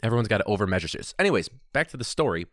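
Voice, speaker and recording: Podcast host, male, lively swooping delivery, casual rambling storyteller, sudden incredulous outbursts. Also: fairly low pitch, rapid-fire, dry recording, clean studio sound. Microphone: podcast microphone.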